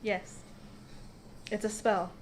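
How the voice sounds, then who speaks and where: A woman's voice: mid-range voice, flat delivery, slow, background noise. A woman playing a tabletop role-playing game, direct and matter-of-fact. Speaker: player.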